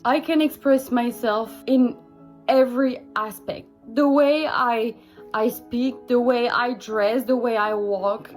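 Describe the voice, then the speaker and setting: A young woman speaks candidly and emphatically to camera, swearing freely. Her voice is high. Faint music plays underneath. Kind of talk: personal vlog confession.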